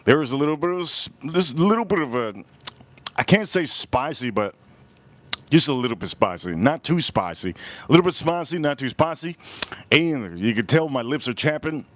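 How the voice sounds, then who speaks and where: A man hosting a casual live cigar review outdoors, just woken up, talking in a relaxed way, repeating himself and greeting his chat. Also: a little high, moderate pace, no room sound. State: groggy morning voice, just woke up. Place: outdoors, windy.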